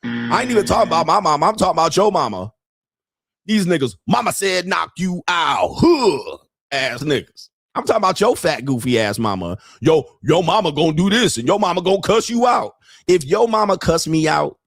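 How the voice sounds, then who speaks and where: Brief: man in his fifties, host, fairly high voice, foul-mouthed mocking rant, dry close sound. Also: no echo. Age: 50s. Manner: profane, mocking, laughs at his own jokes. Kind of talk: comedic rant. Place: home studio.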